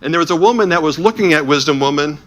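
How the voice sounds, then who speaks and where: A man with a fairly high, bright voice tells stories as he presents a series of illuminated images. His manner is animated and anecdotal. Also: racing. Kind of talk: storytelling talk with slides.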